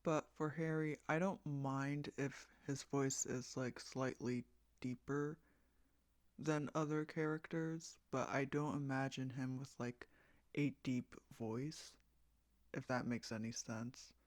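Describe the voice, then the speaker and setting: Speaking slowly in a mid-range voice with fairly even intonation and no echo, an American man rambles about a voice casting call for his fan project. His talk is casual and meandering, hesitant, packed with fillers and restarts as he corrects himself.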